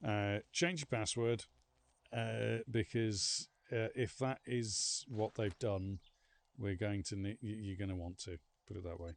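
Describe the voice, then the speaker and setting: Rambling gravelly streamer man. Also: fairly low pitch, fairly even intonation, a little slow, slight background noise. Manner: rambling, self-mocking, chatting with viewers. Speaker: livestreaming gamer. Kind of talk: casual live gameplay chat.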